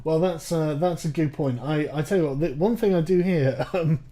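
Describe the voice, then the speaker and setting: A man's voice: on the high side, moderate pace, mellow. A man hosting a casual political chat, ranting with profanity and sarcasm. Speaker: host.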